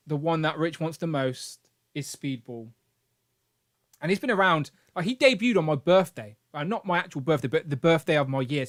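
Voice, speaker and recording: A man in his thirties chats on a live stream in a fairly high voice. He rambles and jokes, laughing easily at his own lines. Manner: jokey, rambling, laughs often. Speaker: co-host of toy collecting live stream. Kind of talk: casual live-stream chat.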